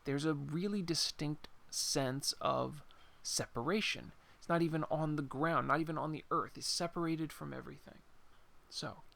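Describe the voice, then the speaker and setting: A man teaching a poem in an informal, unscripted lesson, pausing to think and reading verse lines slowly. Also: a little high, vocal fry, fairly bright tone. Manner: unscripted, thinks aloud with pauses and apologies. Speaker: poetry teacher.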